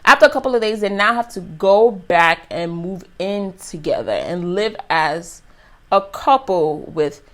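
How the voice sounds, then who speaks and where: A woman's voice: fairly low pitch, expressive, a little slow, fairly bright tone. Chatty, slangy young woman reviewer. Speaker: YouTube reviewer. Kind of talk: casual recap commentary.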